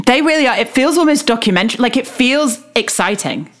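A woman's voice: fairly high pitch, expressive, a little fast. A woman in her thirties co-hosting a podcast, chatting candidly and laughing often. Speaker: podcast co-host. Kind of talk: casual chat about reality TV.

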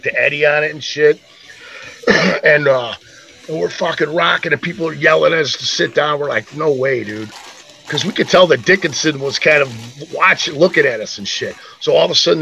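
A man with a slightly high, creaky voice co-hosts a podcast, and the recording has its highs cut off. His rowdy story is full of swearing, and he acts out quoted voices with plenty of animation.

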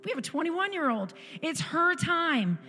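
A woman's voice: extremely high pitch, very animated, a little slow, pushed and bright, in a large hall. A woman in her forties giving an impassioned church testimony, firing off repeated rhetorical questions. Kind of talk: sermon testimony.

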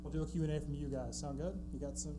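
A man's voice: fairly high pitch, flat delivery, racing, very noisy. A man co-hosting a live podcast in a theatre, playful and hyping up the crowd. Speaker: co-host. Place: theatre stage before a live audience.

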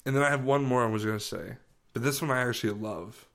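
A man's voice: medium pitch, quick pace, fairly bright tone. A man in casual chat, rambling and searching for words as he tells a story.

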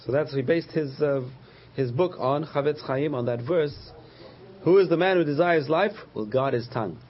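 A man teaching a religious lesson, patiently explaining terms, repeating key words and pausing with frequent uh's. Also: fairly high pitch, highs cut off. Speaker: Torah teacher.

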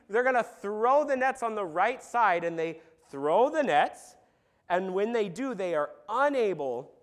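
Animated high-voiced man preaching. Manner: animated storytelling with sarcasm and acted-out quotes. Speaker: pastor. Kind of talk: sermon.

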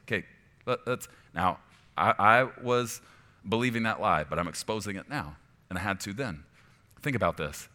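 Preaching man in a reverberant hall. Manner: swings from hushed reflection to loud, high-pitched preaching. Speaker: pastor. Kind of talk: sermon.

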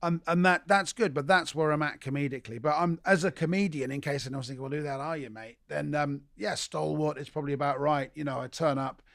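A man, a comedian telling stories in a relaxed, dry, self-deprecating way during a podcast chat. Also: fairly high pitch, fairly quick, creaky, few pauses, dry recording. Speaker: comedian guest.

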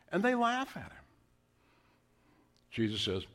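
A man preaching a sermon, acting out scripture quotes in hushed whispers and raised calls. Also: fairly high pitch, sing-song, a little slow. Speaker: pastor.

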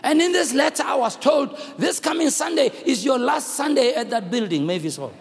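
A man's voice: very high voice, animated, moderate pace, slightly rough. A man preaching a sermon, telling a story and calling out to his congregation. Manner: preaching loudly, switching between English and local languages, calling the congregation. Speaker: pastor. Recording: reverberant hall recording, faint room noise.

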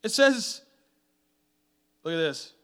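A man preaching a sermon in a dramatic, chatty way, swinging from hushed to loud. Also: fairly high pitch, very animated, slow. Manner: conversational, uses "like" often.

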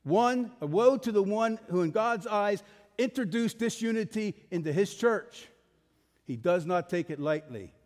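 A man's voice: high-pitched, animated, a little slow, darkish tone, in a large hall. A male pastor preaching a sermon, emphatic, putting rhetorical questions to his congregation.

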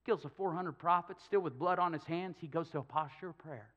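A man preaches in a church, retelling scripture with humor and playing out the characters' lines. His voice sits a little high. The recording is dull and lo-fi, with the top end muffled. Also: fairly quick, fairly bright tone. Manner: storytelling with humor, acting out quotes. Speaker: pastor. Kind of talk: sermon.

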